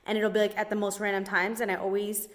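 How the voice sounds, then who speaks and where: Woman, young adult, chatty vlog storyteller, filler-heavy, medium pitch. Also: flat delivery, quick pace. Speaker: hairstylist vlogger. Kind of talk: casual storytelling to camera.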